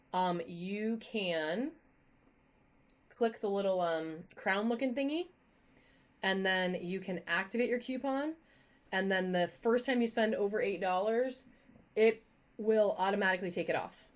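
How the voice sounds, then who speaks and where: A woman's voice: mid-range voice, expressive, a little slow. Bubbly woman selling live on stream. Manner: bubbly, chatty, addresses viewers by name. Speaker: live auction seller. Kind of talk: live-stream sales chat. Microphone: phone camera.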